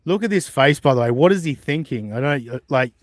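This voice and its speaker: A man's voice: medium pitch, lively intonation, brisk, no echo, clean studio sound. A man hosting a podcast, casually reacting to clips, chatty, swearing and incredulous. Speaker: podcast host.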